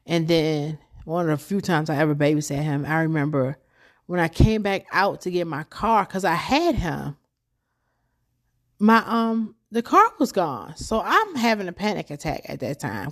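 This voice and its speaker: A woman's voice: low-pitched, lively intonation, moderate pace. A young woman hosting a podcast, telling a personal story in a rambling, chatty, emotional way. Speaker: podcast host.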